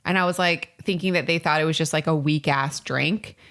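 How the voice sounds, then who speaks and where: A woman's voice: deep voice, steady tone, a little fast, a bit bright. A woman in her thirties co-hosting a podcast in casual chat, bubbly, laughing often and acting out what people said. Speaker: podcast co-host.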